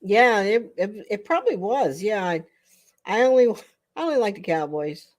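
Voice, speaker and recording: A woman's voice: medium pitch, big pitch swings, moderate pace, darkish tone. An older woman hosting a casual livestream chat with viewers, chatty and rambling, often breaking into laughter. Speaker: livestream host.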